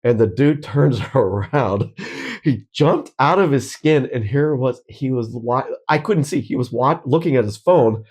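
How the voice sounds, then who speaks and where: A man's voice: mid-range voice, a little mellow, husky. A man with a mid-range voice co-hosts a casual podcast. He tells stories in a rambling way, stopping and restarting his sentences as he goes. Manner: rambling, halting restarts while telling a story. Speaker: podcast co-host. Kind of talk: casual chat, storytelling.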